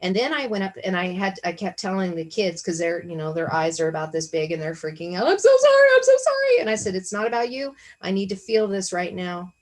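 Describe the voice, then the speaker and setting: A woman's voice: fairly low pitch, fairly even intonation, brisk, few pauses, low-quality recording. A woman hosting a spiritual discussion on a video call, talking earnestly and reflectively, often asking herself questions aloud. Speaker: Bible study discussion host. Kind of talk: casual spiritual teaching over a video call.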